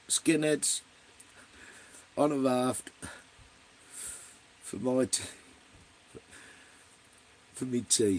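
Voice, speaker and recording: A man's voice: medium pitch, creaky, a little mellow, slightly rough. A middle-aged English man chatting casually on a livestream, answering viewers in a blunt, rambling way and swearing a lot. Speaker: vlogger.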